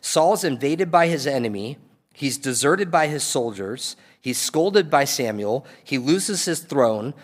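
Male preacher, mid-pitched, chatty retelling with asides, reverberant hall sound. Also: lively intonation, a little slow. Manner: casual storytelling preaching with asides. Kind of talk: sermon.

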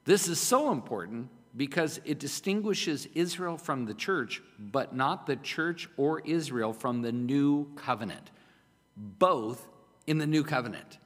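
A man's voice: mid-range voice, animated, a little slow, a bit bright, in a large hall. A middle-aged man preaching a sermon, emphatic and conversational, often asking his listeners rhetorical questions. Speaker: pastor.

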